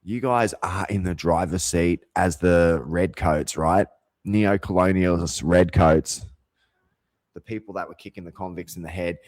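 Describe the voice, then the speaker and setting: A man's voice: low-pitched, steady tone, measured pace, darkish tone, no echo. A man hosting his own show, talking in a heated, profane, rambling monologue full of restarts and swearing. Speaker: show host.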